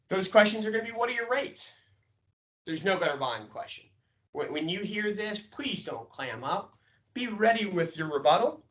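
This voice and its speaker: Ny guy coaching a sales team, bright punchy voice, keeps asking okay?. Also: fairly high pitch, low-quality recording. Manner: emphatic, coaching, asks "okay?" often. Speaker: sales trainer. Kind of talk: training lecture.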